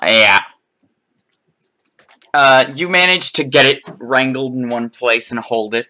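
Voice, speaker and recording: Man, dungeon master, bright forceful voice, casual halting narration. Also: medium pitch. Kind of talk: narrating a tabletop game.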